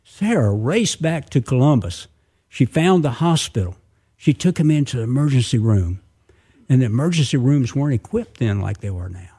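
A man's voice: medium pitch, lively intonation, moderate pace, mellow, husky. A man telling a true crime story dramatically, adding sound effects and asking listeners questions.

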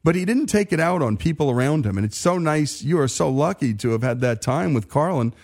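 A man's voice: fairly high pitch, expressive, a little fast. A man hosting a radio interview, enthusiastic and stammering a little as he builds his questions. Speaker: radio show host.

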